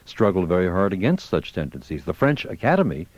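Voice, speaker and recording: Deep-voiced male radio call-in host. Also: big pitch swings, a little fast, no room sound, lo-fi sound.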